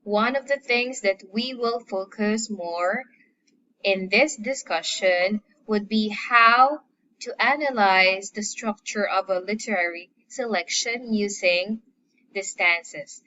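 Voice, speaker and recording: A woman teaching a recorded lesson. She speaks deliberately and stresses each term in a list. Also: medium pitch, sharp tone, slight background noise. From Philippines. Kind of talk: recorded classroom lecture. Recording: slightly muffled lo-fi audio.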